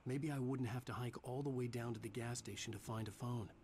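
An actor playing a brooding male writer who narrates his ordeal in a grave, measured inner monologue for a game. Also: mid-range voice, fairly even intonation, darkish tone, slight background noise, lightly acted.

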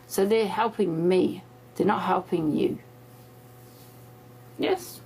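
A woman's voice: medium pitch, slow, darkish tone, slight background noise. A woman ranting in a social media clip, insistent and repetitive. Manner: insistent, repeats herself. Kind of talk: TikTok video rant.

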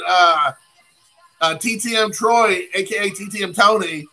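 A middle-aged man from the United States hosting a card-opening livestream, chatting in a rambling, excitable way and calling out to viewers. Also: high voice, poor audio. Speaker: card-breaking livestream host. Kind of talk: casual livestream chat while opening cards.

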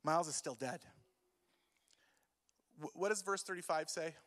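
High-voiced man preaching in a reverberant hall. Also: normal speed. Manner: emotional, swings from quiet grief to loud urging. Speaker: youth pastor. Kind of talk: sermon. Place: church hall.

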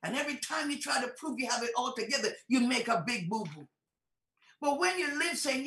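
Middle-aged lady bishop preaching hard, gravelly higher voice, big echoey room, mic kinda far. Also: lively intonation, fairly quick. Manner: fervent, rising to shouts, conversational asides. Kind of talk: sermon.

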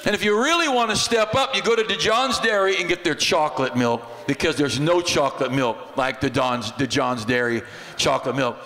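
Folksy American pastor, bright and high, casual sermon in a reverberant sanctuary. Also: male voice, a little fast. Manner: folksy, humorous, conversational. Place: church sanctuary.

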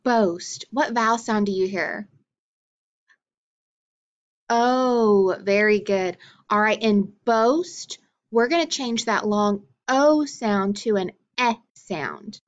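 A woman teacher with a medium-pitched voice takes young children through a phonics drill, slowly and with clear enunciation. She carefully sounds out each letter and vowel and keeps offering encouraging praise. The recording is lo-fi and slightly dull.

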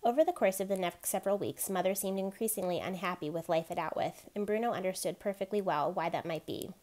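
A woman reading a novel aloud, gently giving each character a light voice of their own. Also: mid-range voice, quick pace. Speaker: reader.

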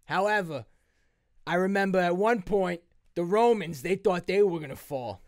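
A swaggering Italian mobster superhero makes a pompous, loud speech about glory years, pitched a little high. A man puts the voice on for a laugh. The sound is dry and close. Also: normal speed, dry recording. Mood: grandiose.

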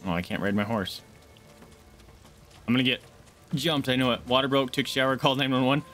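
A man streaming a game, chatting casually and shouting and swearing at enemies, with game music behind. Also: medium pitch, a little fast. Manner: excitable, yelling and swearing at enemies. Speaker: gaming streamer. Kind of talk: casual let's-play commentary.

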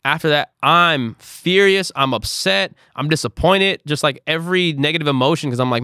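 A man's voice: fairly high pitch, moderate pace, hardly any pauses, pushed and bright, clear, resonant tone, dry recording, clean studio sound. A young man telling a frustrated personal story to camera, quoting back the exchanges he had. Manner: frustrated, emphatic retelling with quoted exchanges. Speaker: content creator. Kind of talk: storytime vlog.

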